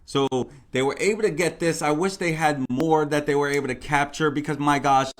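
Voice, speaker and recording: A man's voice: a little high, moderate pace. A man hosting a casual true crime commentary, rambling and repeating himself with many fillers. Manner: repetitive, rambling, full of "you know" and "like". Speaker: true crime channel host.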